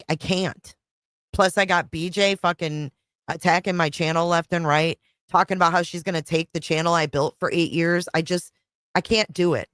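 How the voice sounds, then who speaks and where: Middle-aged woman, livestream host, exasperated and rambling, low voice, dry close sound. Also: a bit bright, clear, resonant tone, no echo. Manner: frustrated, rambling, repeats herself, swears. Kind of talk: casual livestream chat.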